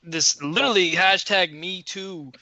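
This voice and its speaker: A man's voice: high-pitched, a little slow, bright, forceful tone, dry recording, dull audio. A man co-hosting a podcast, telling a story in a casual, profane, worked-up way. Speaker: podcast co-host.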